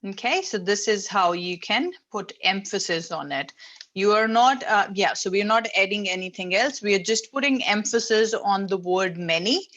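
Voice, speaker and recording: A woman teaches an English class over a video call. She is patient and explains things step by step. Her talk is full of small fillers, and her pitch sits in the middle range. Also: moderate pace, a bit bright. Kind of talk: online class instruction.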